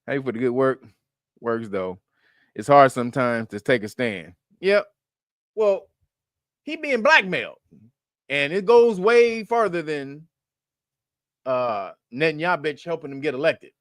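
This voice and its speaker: A man riffs through casual commentary in a blunt, profane way, laughing often and circling back through restarts. His voice sits high and swings widely in pitch as he goes. The sound is dry and close. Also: animated, a little slow, pauses often, no echo. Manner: rambling with frequent restarts. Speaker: commentary show host.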